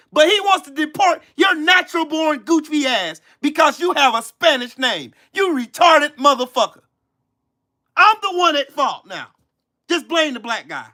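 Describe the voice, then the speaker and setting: Profane man ranting on a live stream. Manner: angry, profane, cussing out viewers; swings between loud shouting and low muttering. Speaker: livestream host. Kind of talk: live-stream rant answering chat.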